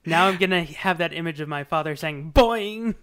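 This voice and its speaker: A young adult with a smooth, resonant voice chats casually about a movie. The delivery is wry and sarcastic, full of quick jokes and interruptions, at an ordinary middle pitch. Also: a bit bright.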